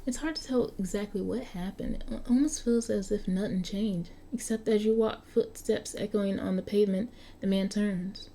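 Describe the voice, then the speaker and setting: A woman's voice: medium pitch, normal speed, hardly any pauses, dark tone, slight background noise. A woman reading an interactive story aloud, often stumbling and restarting over words, with chatty asides to her viewers. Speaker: story narrator.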